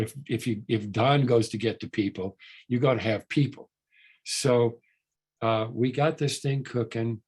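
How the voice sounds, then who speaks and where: A man's voice: medium pitch, a little mellow, husky. An older man speaking at a recovery workshop, telling a story in a rambling, earnest way with many restarts and repeated words.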